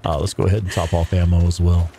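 A man's voice: low voice, little pitch movement, quick pace, creaky, warm tone, a little hiss or hum. A man hosting a gaming livestream, chatting casually and laid-back, swearing freely and laughing along with his co-host.

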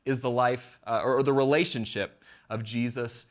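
A man's voice: medium pitch, steady tone, moderate pace. A man preaching a casual online sermon as pastor, conversational and jokey, acting out the lines he quotes.

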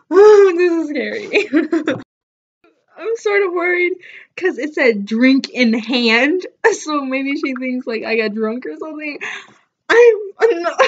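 A young woman talks through a casual vlog, giggling between lines as she reads her texts aloud. Her voice sits high and her pace is very slow and drawn out. The recording is a bit dull and muffled. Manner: giggly, laughs often while reading texts aloud. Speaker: vlogger.

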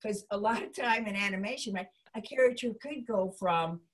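An animated middle-aged woman explains how to build character voices. She keeps breaking into short demo voices between her explanations, at an everyday middle pitch. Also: fairly quick, very noisy. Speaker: voice acting teacher.

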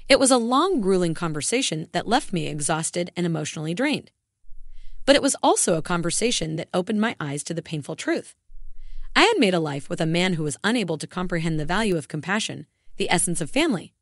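A woman's voice: lowish voice, animated, fairly quick, dry recording, studio quality. A woman telling a story in the first person, with scripted, earnest and emotional narration.

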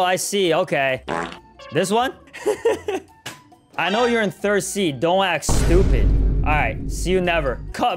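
Animated young man doing laughing game commentary. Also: high-pitched. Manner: laughs often, teasing and animated. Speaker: gaming YouTuber. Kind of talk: playful gameplay commentary.

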